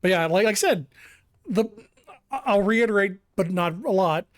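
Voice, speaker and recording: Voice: mid-range voice, animated, moderate pace, no room sound, studio quality. A game streamer chatting casually during a live stream, rambling, restarting sentences and laughing often.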